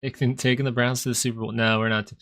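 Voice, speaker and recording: A man with a gravelly, bright edge to his voice hosts a casual trading live stream. He jokes around playfully between chart talk and viewer questions. The sound is dry and close. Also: medium pitch, level tone, quick pace, no room sound. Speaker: stock market livestream host.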